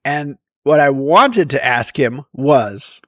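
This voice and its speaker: A man telling embarrassing stories to camera in a casual, self-deprecating way, with lively bursts when he quotes himself. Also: mid-range voice, slow pace, no echo, studio quality. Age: adult. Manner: animated, self-deprecating, with bursts of loud quoting. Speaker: vlogger. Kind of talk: casual storytime monologue. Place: outdoors in daylight.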